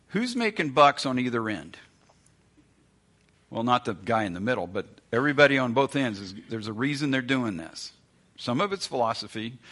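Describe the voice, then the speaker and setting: A man's voice: medium pitch, fairly bright tone. A man preaching a sermon as pastor, in a conversational, emphatic way full of rhetorical questions.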